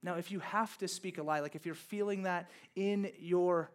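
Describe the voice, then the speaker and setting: High-pitched male pastor; relaxed, rambling storyteller style in a sermon. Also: moderate pace. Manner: casual storytelling, lots of fillers like "like" and "okay".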